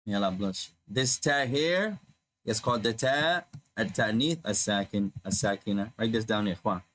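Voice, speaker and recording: A man teaching an Arabic grammar lesson online, patiently repeating terms slowly and explaining in English. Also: lowish voice, a bit bright, low-quality recording.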